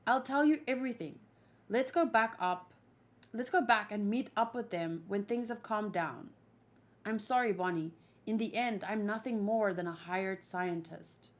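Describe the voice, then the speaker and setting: A woman voicing an apologetic older male scientist who speaks in a quiet, measured, regretful way, in a manga read-along. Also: mid-range voice, natural voice.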